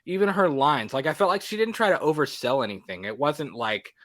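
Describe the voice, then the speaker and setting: A man's voice: on the high side, lively intonation, fairly quick, a bit bright, dry recording. A man co-hosting a casual movie podcast, rambling with plenty of fillers and restarts. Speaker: podcast co-host.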